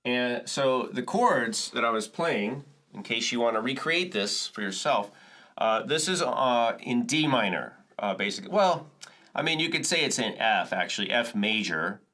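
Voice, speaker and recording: A man's voice: mid-range voice, lively intonation, moderate pace, sharp tone. A man teaching percussion and chords in a casual, self-correcting way, explaining step by step. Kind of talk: relaxed music lesson walkthrough.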